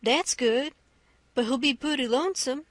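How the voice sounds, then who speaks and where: A woman's voice: high-pitched, moderate pace, dry recording. A woman reading the lines of a stubborn grown man who keeps insisting in an argument with a boy, in an audiobook.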